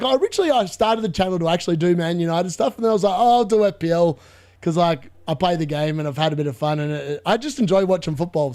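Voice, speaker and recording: A man with a fairly high voice talks through a live football match for his viewers. He chats and laughs, reads out messages from the chat, then shouts excited play-by-play when an attack builds. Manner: excitable, bursts into shouted play-by-play at big moments; chatty, laughs often, reads chat aloud. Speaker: live watchalong streamer. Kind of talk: live football watchalong reaction.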